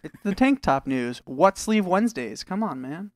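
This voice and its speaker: A man's voice: sits high, sing-song, moderate pace, no room sound. A man co-hosting a podcast, joking around in casual chat and reading the news loosely. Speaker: podcast co-host. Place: studio.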